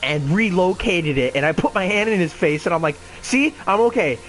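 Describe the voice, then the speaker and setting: A man's voice: fairly high pitch, a little fast, fairly bright tone. A man in his twenties telling a casual, rambling story full of swearing and self-mocking laughs. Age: 20s. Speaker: gaming channel host.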